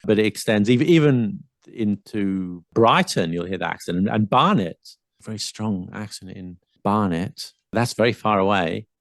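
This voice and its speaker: A man's voice: fairly low pitch, moderate pace, gravelly, hardly any pauses, no room sound. A man, explaining things in a casual, opinionated and digressive podcast chat. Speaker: podcast guest co-host.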